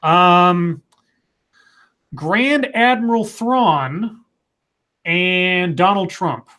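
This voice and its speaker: A man's voice: high voice, animated, very slow, pushed and bright. A man co-hosting a casual live stream, reading out viewer questions with hesitant, stammering restarts.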